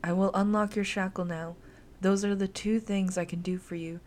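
A woman voicing the gentle ghost of a young girl, speaking softly and calmly to reassure. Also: mid-range voice, normal speed, close to an everyday voice. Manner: soft, calm, reassuring.

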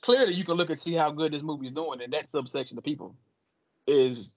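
A man co-hosts a casual gaming podcast, his voice pitched a little high. He talks in an animated way and trash-talks his friends with swagger. The audio sounds dull and lo-fi. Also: brisk. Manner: animated, boastful trash talk. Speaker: podcast co-host. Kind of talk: casual chat.

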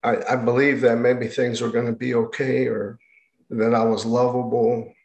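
A man giving a personal testimony about his hard childhood, speaking haltingly, with frequent restarts and pauses. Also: mid-range voice, flat delivery, creaky, darkish tone. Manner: halting, with many restarts and fillers. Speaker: speaker sharing his life story. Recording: roomy echo.

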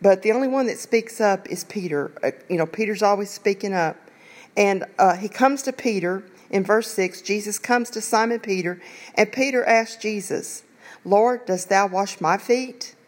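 A woman's voice: mid-range voice, normal speed. A woman preaching an informal Bible devotional, earnest and conversational, with rambling asides as she reads and explains scripture. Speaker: online preacher.

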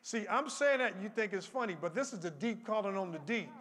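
High-pitched male preacher, church sermon, quiet storytelling rising to shouts; echoing sanctuary. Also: lively intonation, quick pace. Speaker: pastor. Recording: long hall reverb.

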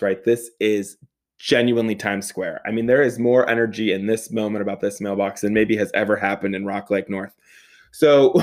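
A young man telling a comic personal story, animated, laughing often, swearing and making quick asides. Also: medium pitch.

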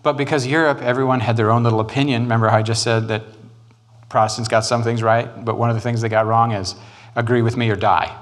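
A man, preaching a sermon on church history in an animated, joking way. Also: mid-range voice. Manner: animated, joking, quick asides and put-on quotes. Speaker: pastor.

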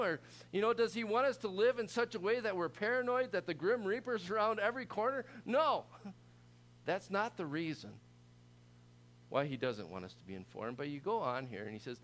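A middle-aged man preaching a sermon in a conversational, animated way with frequent restarts. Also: sits high, moderate pace. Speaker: pastor.

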